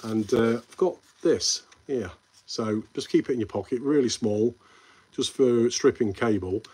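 A man with a Midlands English accent chats through a casual live stream and keeps calling his viewers mate. His voice is a little husky. He rambles between topics and reads comments out before answering them. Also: mid-range voice, measured pace, warm tone. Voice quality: friendly banter with viewers, calls them mate.

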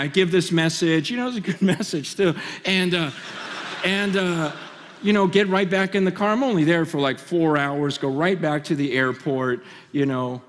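A man giving a conference sermon, telling personal stories in an animated way, full of restarts and laughter. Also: fairly high pitch. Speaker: conference speaker. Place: large conference hall stage. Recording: hall reverb from a large venue.

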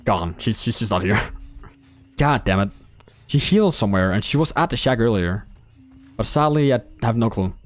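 A young man narrating his own gameplay live with a very animated voice that leaps up and down. He gets excited easily, laughs often and swears freely, chatting straight at the players he chases. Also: lowish voice, moderate pace, pauses often. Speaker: gameplay commentator.

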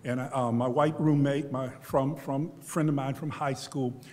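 A man's voice: mid-range voice, fairly even intonation, normal speed, darkish tone. A man in his sixties from Texas, telling personal stories on a history panel in a reflective, conversational way, often restarting his sentences. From Beaumont, Texas, US. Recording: long hall reverb.

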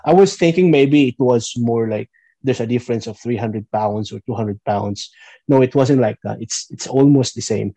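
Filipino guy nurse chatting, mellow dry voice, lots of ums and restarts, soft music behind. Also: medium pitch, normal speed, no room sound. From Philippines. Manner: chatty, mixes in Tagalog, frequent fillers and restarts. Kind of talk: casual interview talk.

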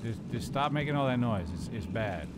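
A streamer's mid-range voice moves fairly quickly, with lively intonation, as he plays a horror game. He jokes around and curses to himself in casual commentary, and loud horror game sounds run behind him.

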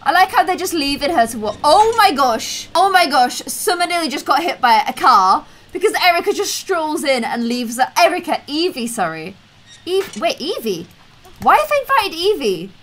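A young woman hosting a gameplay video, chatting excitably and gasping at surprises. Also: high-pitched, moderate pace, a little hiss or hum. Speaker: let's play host. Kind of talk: gameplay commentary.

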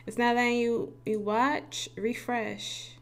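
A woman's voice: fairly high pitch, fairly even intonation, slow pace, creaky. Chatty swearing woman streaming a game. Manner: chatty, swears freely, laughs often. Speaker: gaming streamer. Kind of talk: casual live-stream chat. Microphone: desk mic with facecam.

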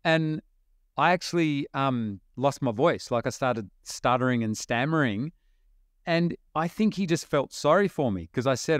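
A middle-aged Australian man, a podcast guest, telling business stories in an animated, storytelling way with quick bursts and laughs. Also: mid-range voice, no room sound, studio quality. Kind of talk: storytelling interview talk.

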